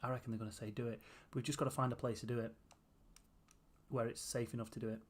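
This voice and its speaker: A man's voice: medium pitch, level tone, quick pace, husky. A tired man chatting casually to viewers on a live stream, with a runny nose. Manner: tired, chatty, often laughing.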